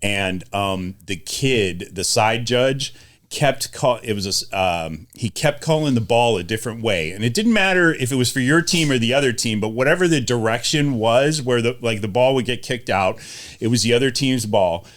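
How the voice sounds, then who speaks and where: A middle-aged man hosting a casual family podcast, telling stories with repeated phrases and quick laughs. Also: medium pitch, animated. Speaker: podcast host, father.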